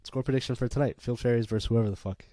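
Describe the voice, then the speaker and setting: A young man co-hosting a casual sports podcast, playful, given to swearing and bursts of excitement. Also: medium pitch, racing, no echo, studio quality. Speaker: podcast co-host. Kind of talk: casual chat.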